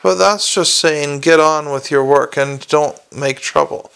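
A man reading an audiobook, voicing a weary police commander who talks in a brisk, dry, impatient way. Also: a little high, gravelly, fairly bright tone, smooth.

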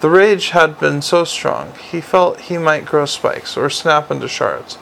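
Man, storybook narrator, gravelly, slightly high voice, stumbles and restarts. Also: a little slow, sharp tone, a little hiss or hum. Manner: reads with frequent slips and restarts. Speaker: audiobook narrator. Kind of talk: audiobook narration.

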